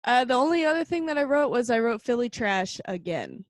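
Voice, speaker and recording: A woman's voice: on the high side, very animated, a little fast, dry recording, studio quality. A woman co-hosting a casual podcast, talking enthusiastically about an episode and laughing often. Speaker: podcast co-host. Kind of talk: casual chat.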